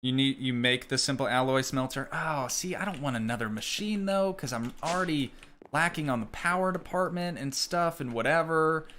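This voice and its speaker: A young American man streaming a game, chatting casually with viewers and thinking out loud as he plays. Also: a little high, normal speed, slight background noise. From United States. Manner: rambling, thinking aloud, talking to chat. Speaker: gaming streamer. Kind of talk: casual live gameplay chat.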